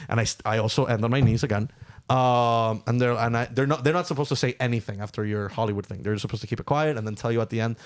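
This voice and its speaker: A man with a Miami accent telling a story on a casual podcast. He is expressive and profane, slipping into quick impressions and laughing through his lines. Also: medium pitch. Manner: acts out voices in quoted lines, swears freely, laughs often. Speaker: guest.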